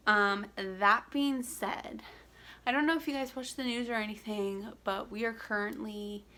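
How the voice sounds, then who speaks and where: A woman's voice: mid-range voice, fairly even intonation, measured pace, sharp tone. A young woman from Central Florida chatting casually to her camera, rambling with lots of fillers and restarts. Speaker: vlogger. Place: home in Florida.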